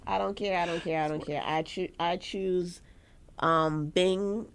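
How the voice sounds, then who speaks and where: A woman's voice: fairly low pitch, fairly even intonation, unhurried, clear, resonant tone. A woman co-hosting a radio show in casual chat, chatty and laughing often.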